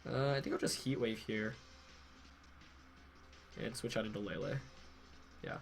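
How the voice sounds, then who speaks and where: A man's voice: fairly low pitch, measured pace, creaky. A young man with a head cold, congested, casually commentating his own match while thinking aloud with fillers and self-corrections. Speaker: game commentator.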